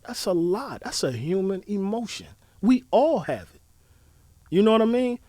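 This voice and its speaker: A podcast co-host, a man, talks in a high, lively voice that swoops up and down as he acts out bits of dialogue. The sound is dry and close, with no room around it. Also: normal speed, dry recording. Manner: animated storyteller, acts out quotes. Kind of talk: casual chat.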